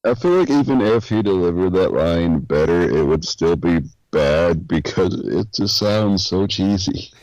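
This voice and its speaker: A man's voice: low voice, animated, a little slow, few pauses, darkish tone, no room sound, lo-fi sound. A man co-hosting a comedic game chat, dropping dry wisecracks. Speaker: co-host.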